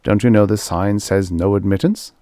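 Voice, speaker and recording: A man voicing a harried, pleading male garage partner in an audiobook, close to his own low voice. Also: moderate pace, warm tone, no echo, lightly acted. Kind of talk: audiobook character voice.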